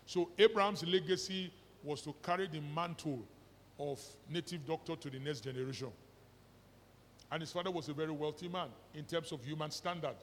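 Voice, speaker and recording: In a reverberant church hall recording, a middle-aged Nigerian-accented pastor delivers a sermon in a slightly high, somewhat bright voice. He blends pidgin with English while throwing rhetorical questions at the congregation.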